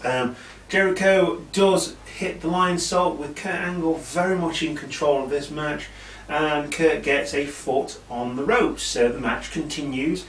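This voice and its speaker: Speaking unhurriedly in a slightly bright voice on the high side, a British man reviews an old wrestling event in a loose, rambling recap full of asides and fillers. The mic sits at a distance in an echoey room, with faint hiss.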